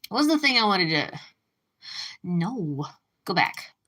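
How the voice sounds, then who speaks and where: A woman streamer chatting casually with her live chat, rambling and jumping up in pitch when she gets worked up. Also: big pitch swings, slow pace, sharp tone. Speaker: livestreamer.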